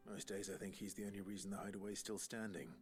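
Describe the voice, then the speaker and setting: An actor voicing an earnest young lord who speaks in a measured, sincere way in a video game. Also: male voice, on the low side, little pitch movement, soft background music, natural voice. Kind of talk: game voice acting.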